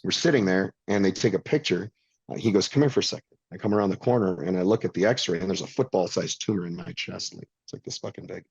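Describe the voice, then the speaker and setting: Middle-aged guy, husky lowish voice, blunt and sweary, dry dull-sounding mic. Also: quick pace, dry recording. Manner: blunt, swears freely, intense. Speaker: podcast guest. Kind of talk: candid storytelling.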